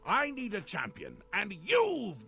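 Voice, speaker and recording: An actor playing a manic, capricious male prince of madness from a video game, with a Scottish accent and a gravelly voice that swings from low mutters to sudden shouts. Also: wildly swooping pitch, slow pace, faint music behind, exaggerated voice.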